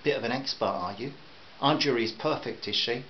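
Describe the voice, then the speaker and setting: A man voicing a shy, kind young father who speaks softly and apologetically. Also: medium pitch, brisk, muffled recording, a little hiss or hum, natural voice. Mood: defensive. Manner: soft, apologetic.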